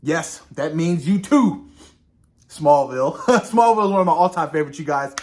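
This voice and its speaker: Male reaction host, fairly high voice, lively swoops, chatty episode breakdown. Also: normal speed. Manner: animated, addresses viewers as "you guys", acts out characters' lines. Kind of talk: casual TV episode review.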